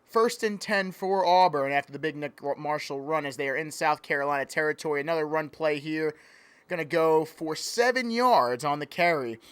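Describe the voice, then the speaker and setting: A man's voice: fairly high pitch, normal speed, fairly bright tone, clear, resonant tone, no echo. A man calling play-by-play in a joking mock sports broadcast, playful and easily sidetracked. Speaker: play-by-play commentator.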